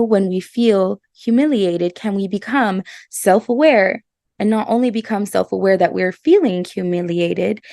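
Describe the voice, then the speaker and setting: A woman's voice: medium pitch, vocal fry, darkish tone, no echo, studio quality. A woman hosting a casual self-help podcast, earnest and emphatic, often repeating her words. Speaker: podcast host.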